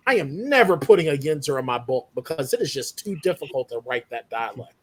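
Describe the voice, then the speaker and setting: Animated, lively-pitched man on a panel. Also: a little fast. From Pittsburgh, Western Pennsylvania. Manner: animated, laughs often, tells stories. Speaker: author on a panel. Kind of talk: casual panel chat.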